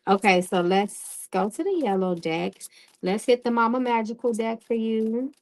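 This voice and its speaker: A woman reading tarot live for an online audience, her pitch sitting right in the ordinary middle. She speaks plainly and directly, pausing to ask "okay?" and to call out to chat viewers between cards. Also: a little mellow. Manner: direct and casual, often checking in with "okay?" and greeting chat viewers. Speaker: tarot reader hosting a live stream.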